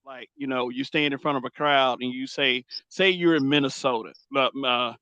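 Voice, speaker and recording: A man's voice: mid-range voice, steady tone, moderate pace, pushed and bright, smooth, no room sound, muffled recording. A man hosting a casual podcast, talking bluntly and emphatically, repeating phrases as he builds his points. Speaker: host.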